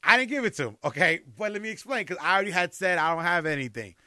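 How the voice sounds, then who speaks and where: A man co-hosting a casual podcast, spinning a story in a loose, slangy way and laughing often. His voice is bright and forward, sitting a bit higher than most men's. The sound is close and dry, with no room around it. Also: expressive, very fast, dry recording. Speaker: podcast co-host.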